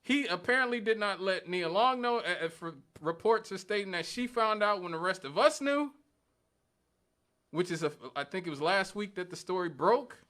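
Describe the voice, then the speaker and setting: A man's voice: high voice, expressive, normal speed, bright, forceful tone. A male radio talk show host giving an emphatic, argumentative monologue, repeating points for stress. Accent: Northwest Indiana.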